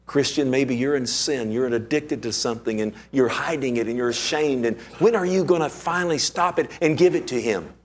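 A man preaching a sermon, acting out the scenes he retells, with big swings between high, loud cries and low, hushed lines. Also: fairly quick, hardly any pauses. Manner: dramatic, acts out quotes with big swings in pitch and loudness. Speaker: pastor.

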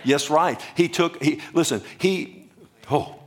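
A man's voice: fairly high pitch, slow pace. Preaching man quizzing his congregation. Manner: asks the congregation questions and answers them himself; jokes and laughs with the congregation. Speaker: pastor. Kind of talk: sermon.

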